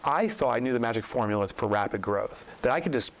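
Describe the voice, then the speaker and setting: A man telling his life story as an interview guest, animated and acting out the voices of people in it. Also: mid-range voice, fast, rough recording. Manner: animated storyteller acting out quotes, rising sharply when incredulous. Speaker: guest, author and business coach.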